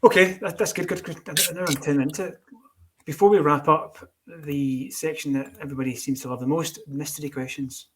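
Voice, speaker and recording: A man hosting a casual podcast chat, upbeat and quick to praise his guests. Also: a little high, fairly even intonation. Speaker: podcast host.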